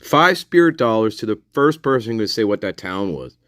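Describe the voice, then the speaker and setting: A man's voice: lowish voice, sing-song, normal speed, a bit bright, no echo, studio quality. A man hosting a casual live discussion, rambling, repeating himself and swearing freely. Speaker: livestream host.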